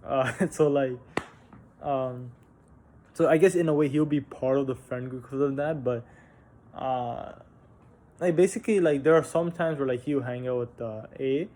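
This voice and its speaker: A young male vlogger's warm, mid-range voice comes with a little hiss or hum as he tells a personal story. He's halting and candid, with frequent restarts, fillers and casual swearing.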